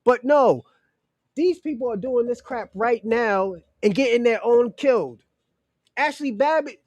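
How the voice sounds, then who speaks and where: High-voiced, emphatic man in his forties. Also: measured pace, a little mellow, no room sound, clean studio sound. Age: 40s. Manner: emphatic, indignant, repeats phrases. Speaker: commentary host. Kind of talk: casual political commentary.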